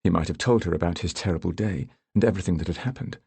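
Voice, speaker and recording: A man narrating an audiobook in a measured, even way. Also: deep voice, creaky, slightly rough, no echo. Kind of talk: scripted narration.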